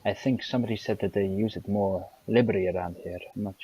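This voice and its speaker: A man speaking in character during a tabletop game, hesitant and halting with many uhs. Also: lowish voice, fairly even intonation, dark tone, husky. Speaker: player. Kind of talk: in-character tabletop role-play. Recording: dull, dry recording.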